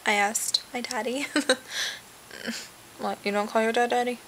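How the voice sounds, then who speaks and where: A woman's voice: fairly high pitch, little pitch movement, a little slow, a bit bright, slight background noise, low-quality recording. A young woman vlogging casually from her bed, rambling with lots of fillers and trailing asides. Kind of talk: casual webcam vlog. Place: sitting in bed at home. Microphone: webcam.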